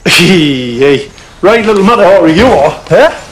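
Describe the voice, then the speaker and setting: A brash Geordie schemer. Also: male voice, high voice, lively intonation, unhurried, a little hiss or hum. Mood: leering. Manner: brash, pushy, blokey. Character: cocky scheming Geordie builder, middle-aged man.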